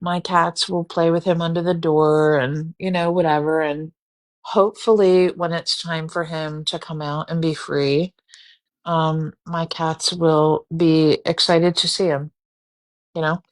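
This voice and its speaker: A woman's voice: low voice, steady tone, unhurried. A woman hosting a live stream in casual chat, yawning and rambling, candid and free with swearing. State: sleepy, yawning. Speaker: livestream host.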